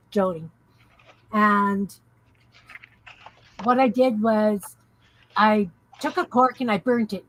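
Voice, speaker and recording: A woman's voice: mid-range voice, rough recording. A woman hosting a casual crafting live stream, tired, rambling and giggling as she chats with viewers.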